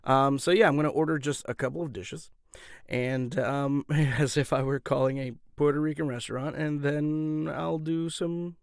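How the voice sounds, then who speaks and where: A man's voice: fairly high pitch, steady tone, normal speed, gravelly, no room sound. A man hosting his own channel, talking casually and loosely to camera from a home voice-over booth on studio mics. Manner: chatty, loose, many fillers and restarts. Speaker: voice actor and YouTube host. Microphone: studio condenser and shotgun mics.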